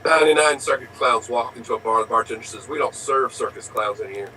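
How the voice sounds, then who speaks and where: A man tells improv jokes softly, lines fading away at the end. His tone is bright and edgy, and he sounds distant, with a faint hiss. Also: mid-range voice, fast talker. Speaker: improv player. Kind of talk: improvised joke telling. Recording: distant mic.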